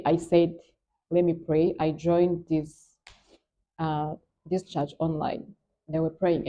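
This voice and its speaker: Her pitch fairly low and mellow, with the high frequencies cut off, a young Nigerian vlogger talks candidly about personal matters. She speaks with a Nigerian accent, earnest and forceful, saying "trust me" again and again.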